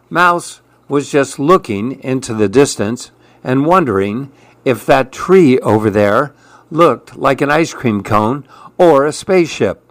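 Male storybook reader, unhurried, plain middle voice. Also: mid-range voice, a bit bright, no room sound. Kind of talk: read-aloud children's story.

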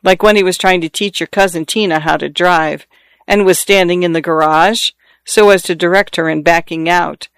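A jovial older man who loves telling a good story and ribbing his company, as a male narrator plays him. His voice is smooth and a little higher than most men. The recording is close and dry. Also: steady tone, moderate pace, a bit bright, no echo. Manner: hearty, joking storyteller. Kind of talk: audiobook character reading.

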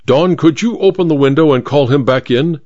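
A man's voice: on the high side, brisk, a little mellow, no echo, highs cut off, voice pushed up, lightly acted. A man voicing a pompous older judge who stammers when caught out. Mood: flustered.

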